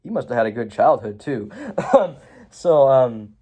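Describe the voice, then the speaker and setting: A man's voice: medium pitch, expressive, a little slow, mellow, breathy edge. A man recapping a film in a casual review. He rambles, with lots of fillers, restarts and chuckles.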